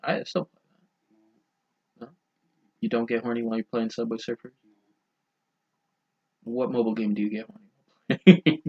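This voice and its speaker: A man's voice: medium pitch, normal speed, long pauses, darkish tone, husky. A young man co-hosting a podcast, chatting casually and making crude, rambling jokes. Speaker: podcast co-host. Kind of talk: casual chat. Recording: dull lo-fi podcast audio.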